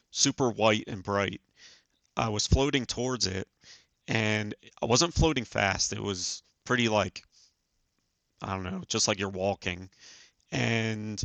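Gravelly-voiced man in his forties. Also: fairly low pitch, bright, forceful tone, no echo. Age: 40s. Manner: earnest, halting, many fillers. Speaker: podcast guest. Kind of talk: casual storytelling.

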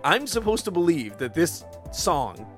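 A man chatting casually about a movie, animated and swearing, acting out scenes with silly voices. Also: a little high, measured pace, soft background music. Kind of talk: casual movie-review chat.

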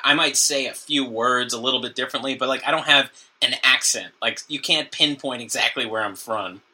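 A man co-hosting a casual comedy podcast, with a very bright, sharp tone. He jokes freely and slips into quick mock voices, at an ordinary pitch. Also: breathy edge. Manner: joking, does brief mock voices. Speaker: podcast co-host.

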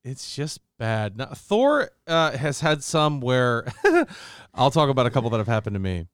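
A man co-hosting a casual review podcast, telling stories in an animated way and swearing freely. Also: medium pitch, normal speed, clear, resonant tone, no echo, clean studio sound. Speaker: podcast co-host.

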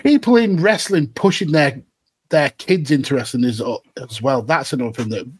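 A man co-hosting a wrestling podcast, chatting casually with quick asides. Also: mid-range voice, husky, no echo. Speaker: podcast co-host. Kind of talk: casual chat.

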